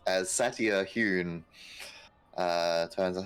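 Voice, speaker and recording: Slow, low-voiced male game master. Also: flat delivery, smooth, poor audio. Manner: halting, many fillers. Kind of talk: tabletop game narration.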